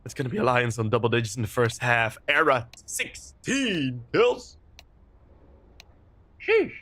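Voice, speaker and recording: A man casting a competitive shooter match live, giving animated play-by-play commentary that drifts into chatty tangents. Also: mid-range voice, unhurried, no room sound. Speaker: esports caster. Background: faint game gunfire.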